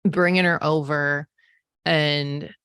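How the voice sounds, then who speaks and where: A woman's voice: low voice, steady tone, takes it slowly, fairly bright tone, clear, resonant tone, dry recording, studio quality. A woman in her forties, a podcast host, telling a personal story in a casual, chatty way full of "like" and "um". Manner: chatty, frequent "like" and "um" fillers. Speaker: podcast host, psychic medium.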